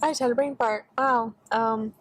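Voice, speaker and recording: Young woman, high-pitched, loose rambling vlog talk full of fillers and swearing, recorded on a phone. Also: steady tone, normal speed, low-quality recording. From Texas. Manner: rambling, lots of "like" fillers, swears freely when annoyed. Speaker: vlogger. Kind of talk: casual vlog chat. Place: in and around her car, partly outdoors. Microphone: phone camera set down nearby.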